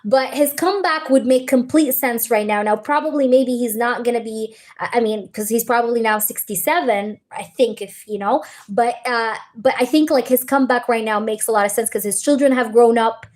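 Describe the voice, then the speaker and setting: High-pitched woman rambling on a tarot livestream, lots of um and like, gets teary. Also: moderate pace, few pauses. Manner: rambling, emotional, full of fillers and restarts. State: teary, tearing up. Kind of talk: live-stream chat with viewers.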